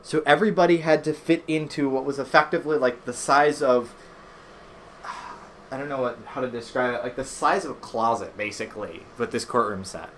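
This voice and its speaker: A man's voice: medium pitch, moderate pace, a bit bright, a little hiss or hum. A man hosting a let's play, chatting casually and rambling with lots of fillers and swearing. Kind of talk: casual gameplay commentary.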